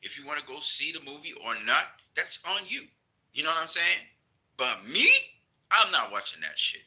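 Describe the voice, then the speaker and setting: A man's voice: fairly high pitch, very animated, moderate pace, pushed and bright, poor audio. A man ranting in a casual video commentary, heated and emphatic, repeating his points. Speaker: vlogger.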